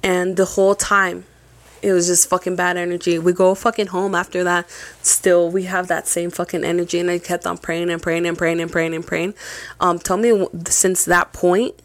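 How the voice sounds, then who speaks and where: A young woman from Mexico, a podcast co-host, telling a paranormal story in casual chat, animated and swearing often, with Spanish phrases mixed in. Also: on the low side, normal speed, no room sound.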